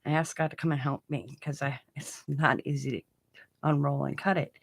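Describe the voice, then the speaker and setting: Chatty woman with a slightly low voice. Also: fairly even intonation, moderate pace, gravelly, breathy edge, low-quality recording. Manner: rambling and chatty, often laughing. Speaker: craft channel host. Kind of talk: casual livestream chat while crafting. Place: home craft room.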